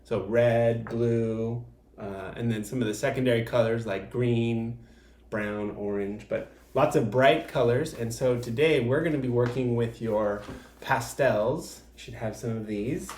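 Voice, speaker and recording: A man's voice: mid-range voice, unhurried, darkish tone. Dad-ish art teacher guy talking little kids thru it step by step, lots of uh's, roomy echo, bit of hiss. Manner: patient step-by-step explaining with fillers. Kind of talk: video art lesson for young children.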